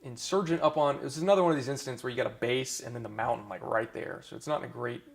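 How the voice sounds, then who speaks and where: Gravelly-voiced man telling war stories. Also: mid-range voice, very fast. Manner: casual storytelling, many restarts and fillers. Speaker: former army dentist. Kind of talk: oral history interview.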